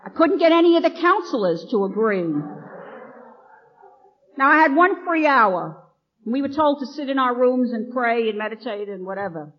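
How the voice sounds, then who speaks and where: A middle-aged nun telling her own recovery story to a meeting, acting out the lines of the people in it. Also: a little high. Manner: lively storyteller, acts out quoted lines. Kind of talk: personal recovery talk to an audience. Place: meeting hall, addressing an audience. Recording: dull lo-fi archival recording.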